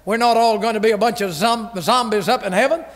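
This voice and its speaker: Male pastor, fiery sermon, stern and emphatic, very high piercing voice, bright tone. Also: fairly quick. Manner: forceful, stern, emphatic preaching. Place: church sanctuary. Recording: reverberant church hall on old radio broadcast.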